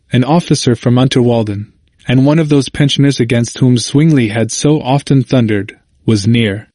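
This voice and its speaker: Male narrator for a history audiobook; measured, solemn delivery, dry recording. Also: mid-range voice, warm tone, dry recording.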